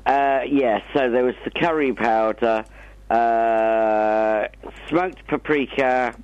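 A man phoning in to a radio show, speaking haltingly in a deadpan way. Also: mid-range voice, clear, resonant tone, no room sound, dull audio. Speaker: caller.

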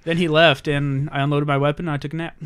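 Casting: a fast-talking man, voice pitched a touch high, spinning a crude service story among friends. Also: flat delivery, fairly bright tone, smooth. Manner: fast, profane storytelling that acts out the people he quotes. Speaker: military veteran telling a war story. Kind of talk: casual chat among friends.

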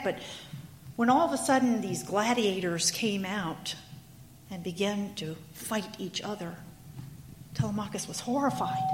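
A woman preacher telling a story in her sermon, in an animated, dramatic manner. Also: mid-range voice, a little hiss or hum. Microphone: handheld or clip mic.

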